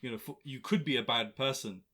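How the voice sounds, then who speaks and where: A man hosting a podcast, asking questions softly in casual chat with lots of fillers. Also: mid-range voice, brisk. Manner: soft-spoken, many fillers, backchannels. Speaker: podcast host.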